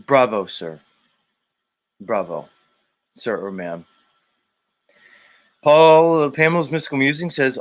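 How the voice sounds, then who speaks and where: A man hosts a loose, casual livestream, drifting off topic as he reads out comments from his chat. He rambles and jokes, and he swears freely. His voice sits at an ordinary middle pitch. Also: expressive, slow pace, pauses often. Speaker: livestream show host.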